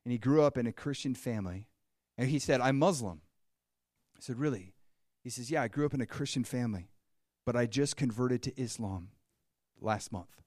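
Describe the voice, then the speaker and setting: Animated male preacher, dry close sound. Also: medium pitch, moderate pace, pauses often, dry recording. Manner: animated storyteller, swings from quiet to excited. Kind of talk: sermon with storytelling.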